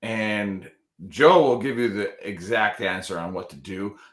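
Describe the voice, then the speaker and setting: A man with a bright, forceful voice hosts a live show. He jokes and rambles casually with his co-hosts. The sound carries a roomy echo. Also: on the low side, a little slow. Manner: loose, joking, rambling. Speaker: podcast host.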